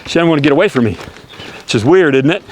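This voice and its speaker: A man's voice: fairly high pitch, expressive, fast talker, background noise. A man working as a horse trainer, explaining step by step as he works a young horse and asking rhetorical questions. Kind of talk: hands-on teaching while working a horse.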